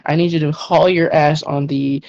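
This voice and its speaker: A woman plays an overworked goddess ruling the underworld, buried in paperwork and short on patience. She barks orders and swears in exasperation in a low voice. The audio is dull and muffled. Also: fairly even intonation, normal speed, vocal fry, darkish tone, dry recording. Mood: snapping. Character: frazzled goddess Persephone, overworked queen of the underworld, short-tempered.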